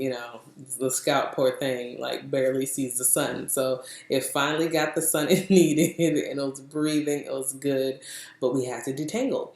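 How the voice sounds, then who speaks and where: A young adult woman telling a story in a casual vlog, chatty and animated, laughing often and acting out what people said. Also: very deep voice. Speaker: vlogger. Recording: roomy echo.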